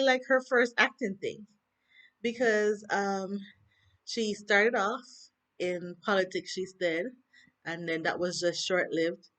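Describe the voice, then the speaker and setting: Lively Jamaican woman reviewing TV. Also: medium pitch. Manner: animated, rhetorical questions, swooping emphasis. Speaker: TV review vlogger. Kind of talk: casual chat. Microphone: handheld phone.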